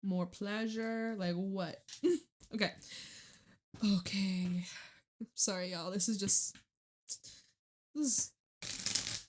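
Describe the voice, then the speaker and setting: A woman talks through a tarot spread in a loose, chatty way, full of fillers and quick laughs. Her voice sits in an ordinary middle pitch for a woman. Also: fairly even intonation. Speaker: tarot reader. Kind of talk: casual tarot reading.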